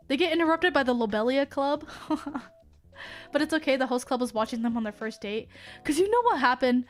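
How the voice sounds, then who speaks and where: A young woman streamer casually retelling an anime plot. She rambles, swears freely and laughs often as she talks. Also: a little high. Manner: laughs often while talking.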